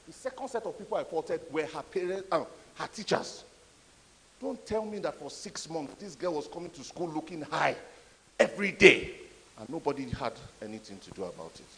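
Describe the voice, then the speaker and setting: A man giving a conference talk, an animated, emphatic storyteller. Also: on the high side, normal speed, slight background noise. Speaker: conference speaker. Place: conference hall. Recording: echoey hall.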